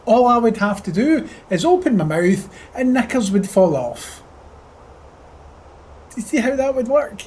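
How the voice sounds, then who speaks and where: A man's voice: high voice, sing-song, normal speed, darkish tone, slight background noise. A Scottish man chatting casually on a flight sim live stream, full of crude, profane joking banter with his chat. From Scotland.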